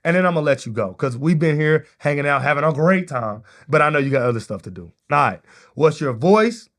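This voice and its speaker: Upbeat podcast host, slightly high man. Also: fairly quick. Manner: casual, energetic, keeps asking "right?". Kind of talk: motivational solo podcast talk.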